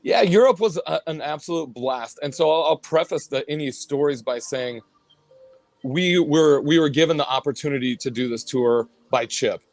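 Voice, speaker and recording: A male musician guest telling road stories in a casual interview, animated and acting out what others said. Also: fairly high pitch, normal speed, no echo. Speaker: guest musician, band vocalist and bassist.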